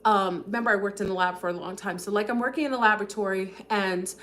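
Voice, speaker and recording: Woman, livestream host, fast talker, rambling, lots of fillers, addresses viewers, medium pitch. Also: steady tone, fairly bright tone, a little hiss or hum. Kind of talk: casual livestream monologue.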